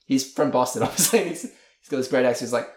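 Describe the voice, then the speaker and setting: A man co-hosting a casual chat podcast tells an animated story and breaks into laughter mid-sentence. He slips into voices for the people he quotes. His voice bounces around a roomy, echoing space. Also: medium pitch, fast talker. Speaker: podcast co-host. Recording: roomy echo.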